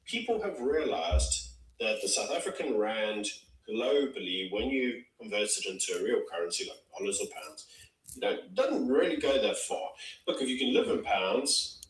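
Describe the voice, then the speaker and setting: Guy explaining stuff on a stream, animated pitch, echoey and far from the mic. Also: moderate pace. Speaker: guest. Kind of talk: remote stream discussion. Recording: roomy, distant call audio.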